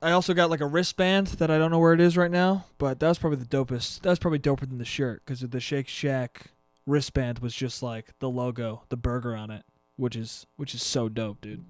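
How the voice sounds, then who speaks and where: A man's voice: mid-range voice, steady tone, brisk, no room sound. A young man hosting a solo podcast, rambling casually and profanely with self-mocking asides. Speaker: podcast host.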